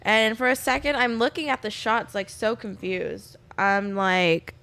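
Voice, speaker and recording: Young woman, podcast guest, casual chat, rambling storyteller, crisp bright tone. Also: medium pitch, fairly even intonation, unhurried, hardly any pauses. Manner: rambling storyteller, acts out her own lines. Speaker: bartender guest.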